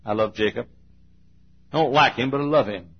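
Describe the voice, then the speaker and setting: Husky male preacher, revival sermon, loud then quiet, kinda sing-songy, lo-fi tape. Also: medium pitch, a little fast. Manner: dramatic swings from shouting to hushed, sing-song chants.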